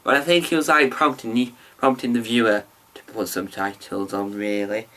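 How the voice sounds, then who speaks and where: A man's voice: fairly low pitch, steady tone, moderate pace, fairly bright tone. A man chatting casually into his camera mic as he reviews a show, rambling with ums and restarts.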